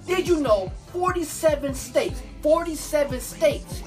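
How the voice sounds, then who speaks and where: A woman's voice: on the high side, expressive, a little slow, music in the background. A woman hosting a podcast, ranting about politics in a heated, repetitive, preachy way, full of rhetorical questions. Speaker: podcast host. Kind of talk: ranting political commentary monologue.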